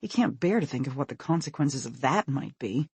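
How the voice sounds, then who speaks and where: A man narrating a thriller audiobook in an expressive, tense manner. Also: mid-range voice, fairly quick, husky, dry recording.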